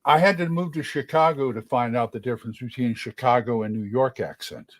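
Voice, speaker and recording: A man's voice: mid-range voice, fairly quick, no echo. A middle-aged man from Oklahoma, co-hosting a casual livestream and telling chatty, easygoing anecdotes. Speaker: podcast co-host. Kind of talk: casual chat.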